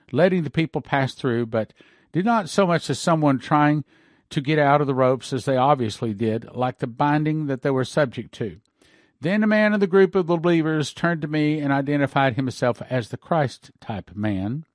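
A man's voice: medium pitch, dry recording, clean studio sound. A man preaching from a podium-style reading, telling of dream visions and then commenting on them with casual asides.

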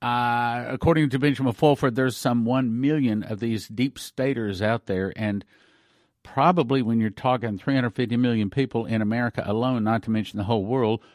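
A man's voice: mid-range voice, fairly even intonation, normal speed, darkish tone, no room sound, clean studio sound. A man hosting a Christian broadcast, talking earnestly and growing emotional as he speaks. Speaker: host.

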